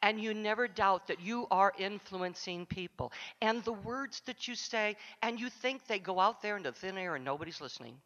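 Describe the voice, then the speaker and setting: A woman counselor delivers a heartfelt acceptance speech straight to the audience at a conference luncheon hall. Her mid-range, fairly bright voice is animated, at normal speed with hardly any pauses. The sound is dull in the large, echoing hall.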